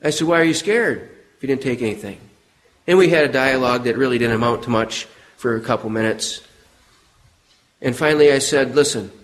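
A middle-aged American preacher delivers his sermon in an earnest, storytelling way. His voice sits fairly high, and on the solemn words it sinks low and goes quiet. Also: poor audio.

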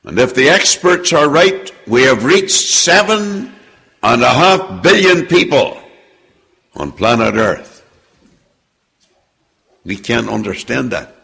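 Slow gravelly preacher in a hall. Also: male voice, sing-song. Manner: slow, emphatic delivery, drops low and quiet at phrase ends. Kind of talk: sermon with scripture reading. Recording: long hall reverb.

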